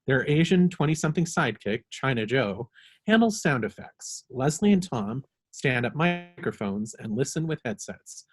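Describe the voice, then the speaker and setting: Man briskly reading stage directions. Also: mid-range voice, big pitch swings, slightly rough. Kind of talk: script reading.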